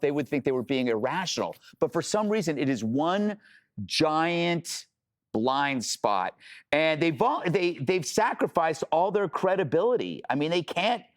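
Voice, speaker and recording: A man on a news panel, mocking and sarcastic, often restarting his sentences. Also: a little high. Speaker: co-host of panel show. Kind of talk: casual panel commentary.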